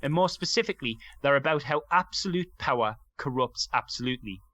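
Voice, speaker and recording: Young guy gushing, rambling, lots of "like", bright voice, dry sound. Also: mid-range voice, expressive, brisk, no echo. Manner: enthusiastic, rambling, full of "like". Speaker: podcast guest. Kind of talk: casual chat.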